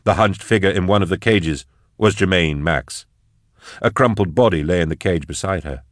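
Deep-voiced male audiobook narrator. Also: moderate pace, no room sound, studio quality. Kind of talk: scripted fiction narration.

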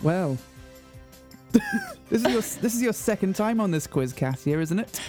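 A man's voice: sits high, expressive, normal speed, warm tone, soft background music. A man hosting a community radio show with playful, mock-theatrical patter. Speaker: radio host.

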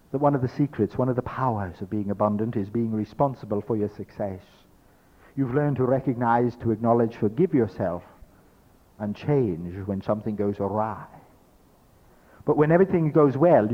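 Man lecturing emphatically on dull old tape. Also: medium pitch. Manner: speaks as "we", emphatic, repeats phrases, acts out listeners' thoughts. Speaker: spiritual workshop teacher. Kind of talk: workshop lecture to an audience.

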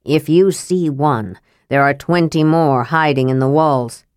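A woman's voice: low-pitched, a little slow, a little mellow, smooth, no echo, studio quality. A woman voicing a stern, proud male knight from a storybook, speaking in a clipped, grim way.

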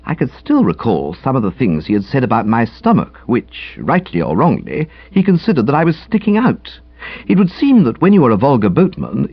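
Husky, wildly animated male narrator. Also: no room sound, dull audio. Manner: breezy, chatty, highly expressive reading. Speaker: audiobook narrator. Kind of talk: comic audiobook narration.

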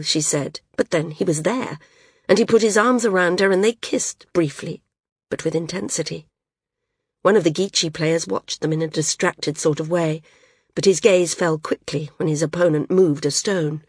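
A woman reading a novel aloud as an audiobook narrator, in a measured, unhurried storytelling manner. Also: lowish voice, breathy edge, dry recording, clean studio sound. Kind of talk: scripted narration.

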